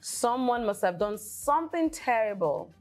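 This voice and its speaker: Lively Nigerian woman telling stories. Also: fairly high pitch, measured pace, faint music behind. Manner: animated storyteller, laughs often. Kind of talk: casual conversation.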